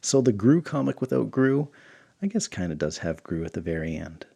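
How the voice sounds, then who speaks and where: A man's voice: on the low side, big pitch swings, moderate pace, gravelly, warm tone, slightly rough. A man hosting a comics channel, reading a comic aloud with enthusiastic, chatty asides.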